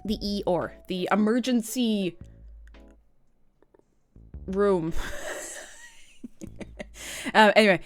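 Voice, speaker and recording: A woman's voice: medium pitch, extremely slow, long pauses, soft background music. Chatty Irish woman streamer, laughing a lot. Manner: chatty, laughs often, rambling asides. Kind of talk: casual chat, storytelling to stream.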